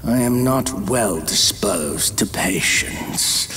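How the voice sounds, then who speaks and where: A man putting on a cruel male demon, deep and hissing, whispering threats, gravelly, slow and deliberate, faint music underneath. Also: expressive, bright, forceful tone, heavily acted. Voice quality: low, deadly whisper. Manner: mocking, menacing. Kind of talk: audiobook-style story narration.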